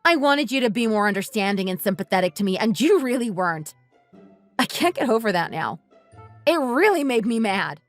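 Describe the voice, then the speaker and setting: A woman's voice: on the high side, sing-song, brisk, soft background music. A woman voicing a bitter, resentful wife who bluntly accuses her husband and wants a divorce. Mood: accusing. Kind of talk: text-message story dramatization.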